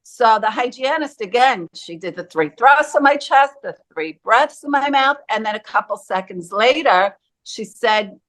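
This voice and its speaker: A woman's voice: a little high, animated, unhurried, a bit bright. A woman as an interview guest, telling her personal story in an earnest, vivid way and acting out quoted voices.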